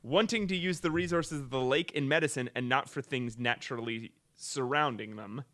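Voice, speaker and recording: A man co-hosting a comedy podcast, talking in an animated, rambling way and laughing often. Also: mid-range voice, normal speed, no room sound. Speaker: podcast co-host.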